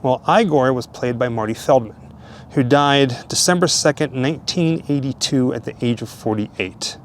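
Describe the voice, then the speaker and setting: A man's voice: mid-range voice, moderate pace, slight background noise. Man chatting casually at graves. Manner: relaxed, chatty, chuckling asides. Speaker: vlogger, host. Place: outdoor cemetery.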